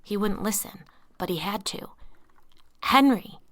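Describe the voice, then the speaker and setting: A woman narrating a story aloud, reading tense dialogue in hushed whispers. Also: lowish voice, moderate pace. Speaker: audiobook narrator. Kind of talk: scripted narration.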